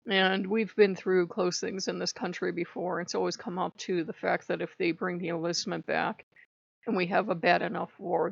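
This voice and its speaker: A woman's voice: fairly low pitch, gravelly, dry recording. An American woman vlogging a candid personal monologue, blunt and profane, often laughing. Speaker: spiritual vlogger. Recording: dull lo-fi dry sound.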